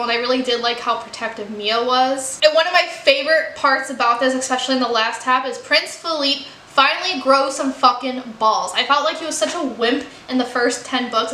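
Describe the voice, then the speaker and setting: A woman's voice: high-pitched, pushed and bright, reverberant, a little hiss or hum. A woman from the United States chatting candidly in a casual book review vlog, with frequent "like" and "you know.". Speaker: book vlogger.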